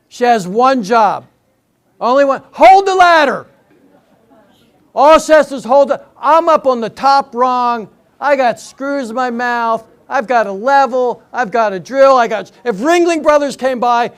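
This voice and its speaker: An older man with a high-pitched, clean-toned voice performs a stand-up comedy routine in a senior center hall before a live audience. He tells stories in a chatty way and banters with the crowd.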